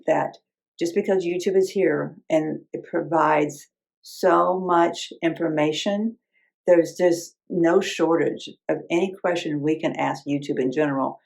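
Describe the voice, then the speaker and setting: A woman's voice: deep voice, unhurried, vocal fry, darkish tone, poor audio. A woman in her fifties, a quilting vlogger, talking reflectively and rambling a little, often correcting herself and laughing at herself. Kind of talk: reflective casual chat.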